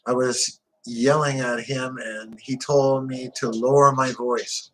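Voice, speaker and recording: A man's voice: medium pitch, level tone, takes it slowly, hardly any pauses, fairly bright tone, a little hiss or hum, rough recording. A man narrating a first-person crime memoir in a blunt, profane, tough-guy way.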